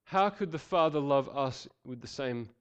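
An Australian man preaching a sermon, swinging from loud, emphatic passages to quiet, intense ones. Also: medium pitch, expressive, moderate pace, smooth. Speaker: pastor.

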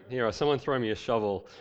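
A man's voice: medium pitch, normal speed, dull audio. A male pastor preaching a sermon, reading scripture with voiced quotes and joking asides.

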